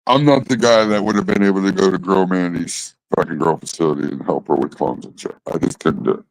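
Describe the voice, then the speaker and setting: A man's voice: deep voice, quick pace, vocal fry, no room sound, rough recording. A middle-aged man hosting a livestream, chatting casually in a rambling way, swearing freely. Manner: rambling and heavily profane. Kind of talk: casual chat.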